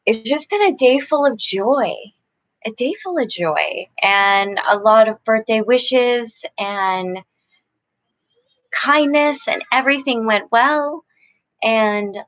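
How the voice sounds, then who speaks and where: A woman's voice: medium pitch, fairly bright tone, no echo. Earnest gushing middle-aged woman. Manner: earnest, gushing, rambling with restarts. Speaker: livestream host. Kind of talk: casual live chat with viewers.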